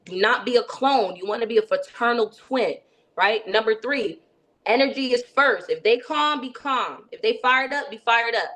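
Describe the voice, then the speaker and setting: Brisk, high-voiced woman sales coach. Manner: lively coaching, keeps checking in with "right?". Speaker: sales trainer. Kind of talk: training session.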